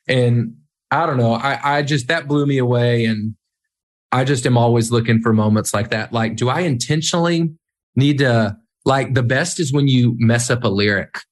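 A man's voice: mid-range voice, moderate pace. Rambling, self-deprecating worship leader man. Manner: rambling, self-deprecating, many fillers and restarts. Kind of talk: casual podcast conversation.

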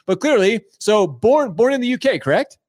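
A male host runs a live business show with hyped energy and lots of restarts. His fairly high voice swoops up and down, and the sound is close and dry. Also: big pitch swings, moderate pace, darkish tone, dry recording. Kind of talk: enthusiastic live show hosting.

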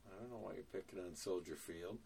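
A man talks shop on a podcast in a deep, unhurried voice. He's plain-spoken, with lots of ums and restarts. His voice sits slightly away from the microphone. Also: gravelly, slightly rough, recorded from a distance. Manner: relaxed, plain-spoken, many fillers. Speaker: lawn care business owner. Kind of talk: casual podcast conversation.

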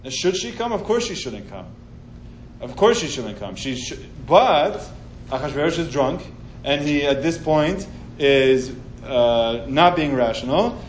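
A man teaching an informal scripture class, telling the story with animated sarcasm. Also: mid-range voice, measured pace, reverberant, a little hiss or hum, poor audio.

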